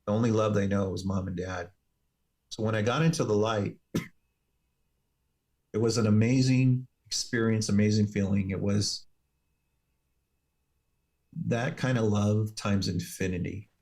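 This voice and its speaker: A man speaks as an interview guest, recounting his own story with steady, earnest care. His voice sits a little on the low side. He talks like a firefighter and paramedic who has told this before. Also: unhurried, long pauses. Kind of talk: personal testimony in an interview.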